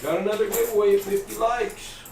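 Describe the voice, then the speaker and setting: A middle-aged man chats in a folksy, easygoing way as he hosts a livestream. His voice sits a bit high. He sounds distant from the mic, in an echoey room with background noise. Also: fairly even intonation, a little fast, darkish tone. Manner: chatty, folksy, laughs at his own jokes. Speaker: coin hunting livestream host. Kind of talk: casual live-stream chat. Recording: echoey room, from far off, noisy.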